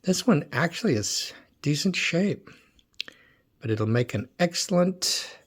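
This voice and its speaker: A middle-aged collector and dealer of toy cars chats casually while going through a box of them, thinking aloud and often repeating himself in an unboxing-style commentary. His voice leans high, animated and a touch slow, and the audio is slightly rough.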